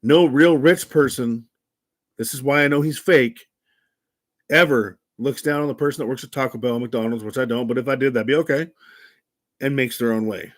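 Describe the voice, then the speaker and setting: A man's voice: medium pitch, normal speed. Older guy on his livestream, blunt, swears a lot, goes off on rants. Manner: blunt, profane, ranting. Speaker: livestream host. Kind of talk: casual livestream chat.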